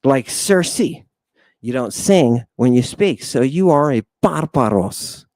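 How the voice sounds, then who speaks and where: A man hosting a playful livestream lesson, hamming it up as he calls out to his viewers. He talks at an unhurried, drawn-out pace in a mid-range voice. The sound is dry and close, with no room around it. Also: mid-range voice, lively intonation, darkish tone, dry recording. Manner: theatrical, joking, addresses viewers as people. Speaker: online language teacher.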